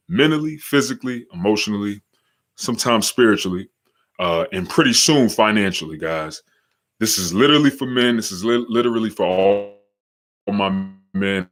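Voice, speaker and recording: A young man with a slight New York accent, hosting a casual live-stream podcast, slangy and hyped, shouting out viewers in the chat. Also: on the low side. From Charlotte, North Carolina. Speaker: podcast host.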